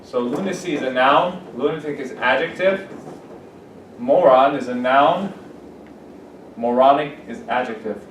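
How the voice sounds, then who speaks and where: A man teaching English vocabulary to a class, animated and playful, acting out examples. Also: mid-range voice, a little slow, long pauses. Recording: echoey room from far off, faint noise.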